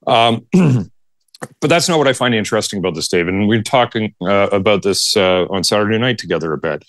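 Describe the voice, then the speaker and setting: A man, a political commentator, weighing his points in a measured, analytical way on a podcast panel. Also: lowish voice, expressive, no echo.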